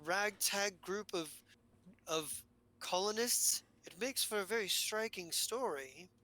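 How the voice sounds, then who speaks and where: A man's voice: sits high, takes it slowly, bright, forceful tone, pitched above the performer's own voice, full character voice, poor audio. A man voicing a curious, eager female alien diplomat in a tabletop game.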